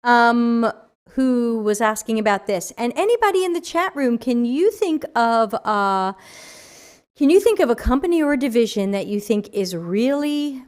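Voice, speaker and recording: A woman hosting a casual livestream Q&A, chatty and animated, reading chat questions aloud, her voice tired after an hour of talking. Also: a little high, a little slow. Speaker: livestream AMA host.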